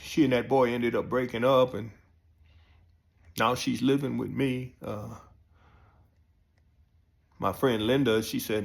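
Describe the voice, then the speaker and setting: A man telling a profane comic story, jumping up high when excited. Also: slow pace, vocal fry, long pauses. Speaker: comedian storyteller. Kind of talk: comic monologue.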